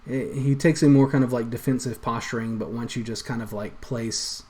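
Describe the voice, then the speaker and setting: A man's voice: mid-range voice, little pitch movement, moderate pace, darkish tone, slight background noise. A man narrating as game master of a tabletop game, rambling with lots of fillers. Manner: rambling, many fillers and hedges.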